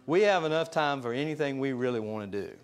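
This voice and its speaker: A man's voice: medium pitch, lively intonation, quick pace, faint music behind. A middle-aged man preaching to his congregation, folksy and full of joking asides. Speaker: pastor. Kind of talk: sermon. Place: church sanctuary.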